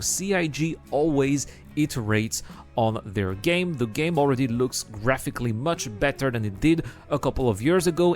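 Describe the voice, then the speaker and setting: Male video narrator, mid pitch, even and explanatory, faint music underneath. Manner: measured and explanatory, steadily makes his case.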